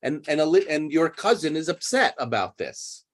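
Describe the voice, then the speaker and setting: Animated male English teacher. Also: a little high, normal speed. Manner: explains words plainly, animated storytelling. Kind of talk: literature lesson retelling a play.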